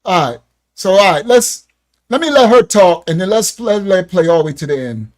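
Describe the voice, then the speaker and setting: A man hosting a live ministry stream, commenting on a video with lively, animated energy. His pitch swoops high and low as he talks, and he laughs often. He keeps breaking off to apologize before pressing on. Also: normal speed, poor audio.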